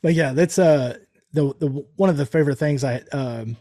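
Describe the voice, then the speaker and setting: A man's voice: a little high, normal speed, dark tone, dry recording, studio quality. A man in casual chat, easygoing and agreeable, laughing often.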